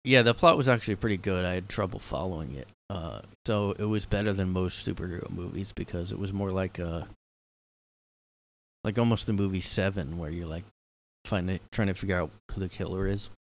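A man with a fairly low voice hosts a solo podcast from his room. He rambles in a casual, sarcastic way, piling on fillers and the occasional swear. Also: brisk, a little hiss or hum. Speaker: podcast host.

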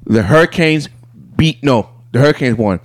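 A young man co-hosting a podcast, chatting excitedly about sports and talking in quick bursts. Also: mid-range voice, no echo, studio quality. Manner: excited, fast bursts, talks over his partner. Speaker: podcast co-host. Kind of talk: casual sports chat.

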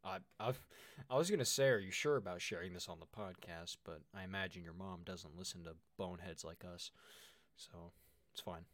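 A man co-hosting a casual podcast, joking loudly and then trailing off into quiet asides. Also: low-pitched, normal speed, dry recording. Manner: loud, jokey, often trailing off into quiet asides. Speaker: podcast co-host.

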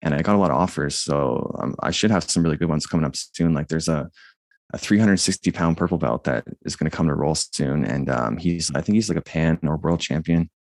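Man, monotone, extremely deep, gravelly, dry close sound, rambling casual chat. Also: fairly quick, no room sound. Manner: rambling, many fillers and restarts. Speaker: jiu-jitsu YouTuber and guest. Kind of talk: casual conversation.

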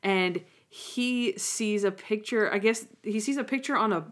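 Woman, podcast co-host, casual chat, quick enthused recapping. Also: medium pitch.

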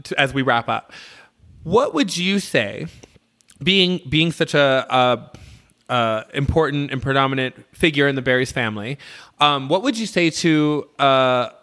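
A man's voice: mid-range voice, expressive, measured pace, sharp tone. A man hosting a podcast in casual chat, bubbly and playful, laughing often. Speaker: podcast host.

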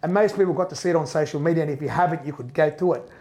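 Middle-aged man, high pitch, heated first-person storytelling. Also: racing. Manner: animated, repeats and restarts, acts out quoted voices. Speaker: business owner telling his story.

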